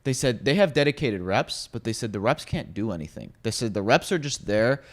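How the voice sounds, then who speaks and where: A man's voice: mid-range voice, lively intonation, a little fast. A man co-hosting a casual podcast, ranting in a blunt way and swearing freely. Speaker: podcast co-host.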